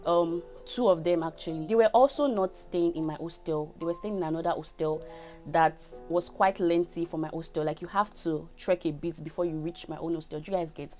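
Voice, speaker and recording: A woman's voice: on the low side, steady tone, fairly quick, warm tone, soft background music. A woman of twenty with a Nigerian accent, telling a story in a chatty, casual way and often checking in with her viewers. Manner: chatty, often asks "do you get?". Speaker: vlogger.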